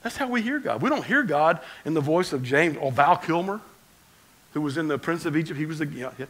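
A man preaching a conversational sermon as pastor, swinging between loud emphasis and quiet asides. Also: fairly high pitch, animated, fairly quick, low-quality recording.

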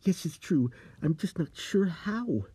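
A man's voice: sits high, expressive, measured pace, warm tone, breathy edge, no echo, pitched above the performer's own voice, full character voice. A man voicing a frightened, giggling man haunted by something, in a spooky story, speaking in a panicky, manic rush. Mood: frantic. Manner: panicky, manic, breathless pleading.

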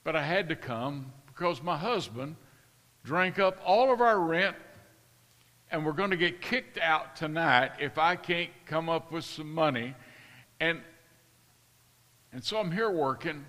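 A man's voice: fairly high pitch, animated, a little slow, pauses often, bright, forceful tone, long reverb tail, pitched above the performer's own voice. A man voicing a sick, desperate waitress, speaking in a pleading, distraught way.

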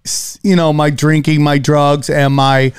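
A man's voice: on the high side, level tone, unhurried. A man, a comedian guest on a podcast, talking bluntly and joking with plenty of swearing. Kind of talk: casual podcast chat.

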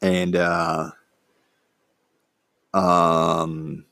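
Rambling man telling a story slowly. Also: low-pitched, gravelly, dry recording. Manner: rambling, full of fillers and restarts, animated. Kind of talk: casual personal storytelling.

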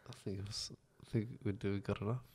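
A man, interviewing a guest on a podcast in a relaxed way, with short questions and replies. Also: fairly low pitch, fast talker, a little hiss or hum. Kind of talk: casual interview chat.

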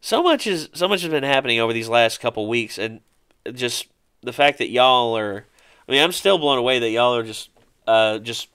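A man hosting a casual podcast, telling stories in a rambling, animated way with many fillers. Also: medium pitch, moderate pace, smooth. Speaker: podcast host. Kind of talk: casual chat.

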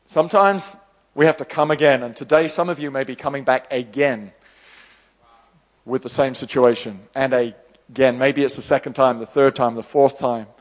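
A man preaching a sermon, animated, acting out the voices of the people he quotes. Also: medium pitch, normal speed, in a large hall. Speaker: pastor.

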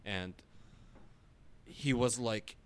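A man's voice: lowish voice, extremely slow, clean tone. A man chatting casually on a podcast, rambling with many fillers and frequent swearing. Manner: rambling, animated, swears often, lots of filler words. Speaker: podcast co-host.

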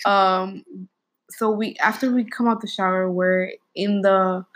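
A woman's voice: medium pitch, steady tone, measured pace, rough recording. Young woman telling a candid story. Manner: candid, slangy storytelling with many fillers. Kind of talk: casual chat.

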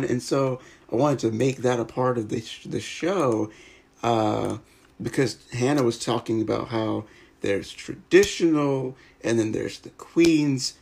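A man's voice: mid-range voice, creaky, darkish tone, breathy edge. An American man hosting a podcast, chatting casually and rambling with many fillers and restarts. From United States. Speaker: podcast host. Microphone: remote video call.

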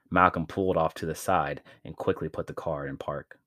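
A man with a very low voice narrates a story in a measured, dramatic reading. The sound is dry and close, with no room echo. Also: fairly even intonation, sharp tone. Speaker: podcast narrator.

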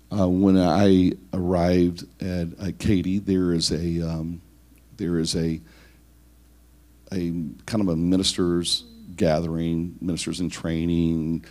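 A man with a very low, deep voice gives a leadership teaching talk to church leaders. He counts off his points one by one. He poses questions to his listeners and often repeats a word as he goes. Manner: lists numbered points, asks rhetorical questions, repeats words.

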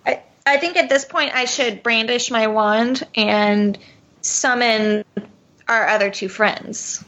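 Woman player, kinda high voice, jokey, dull lo-fi recording. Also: slow pace, a bit bright. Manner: playful, joking. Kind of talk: casual tabletop role-play.

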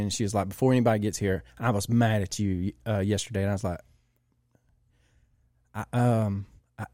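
A man's voice: mid-range voice, a little mellow, dry recording, clean studio sound. A man telling a long work story in casual podcast chat, animatedly mimicking the people in it. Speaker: podcast co-host.

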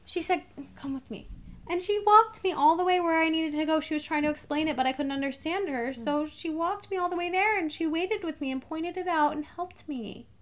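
A young woman co-hosting a podcast, telling a travel story in a casual, animated way and acting out the dialogue. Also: very high-pitched, brisk. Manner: animated storyteller, acts out dialogue, laughs often. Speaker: podcast co-host.

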